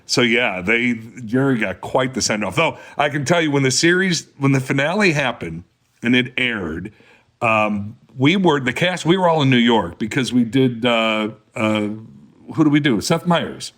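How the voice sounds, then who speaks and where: A man's voice: mid-range voice, normal speed. Middle-aged man telling stories. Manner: storytelling, animated in anecdotes. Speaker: podcast guest, actor. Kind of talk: casual chat.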